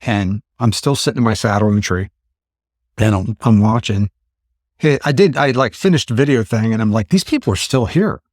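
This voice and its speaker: A man's voice: fairly low pitch, moderate pace, a little mellow, dry recording, clean studio sound. A man in his fifties, a podcast host telling a story in casual chat and acting out his own thoughts in exclaimed asides. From Pennsylvania. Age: 50s.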